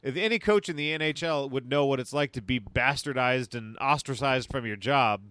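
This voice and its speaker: A man co-hosting a casual sports podcast, profane and jokey, getting excited as he talks. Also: medium pitch, moderate pace, clear, resonant tone. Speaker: podcast co-host.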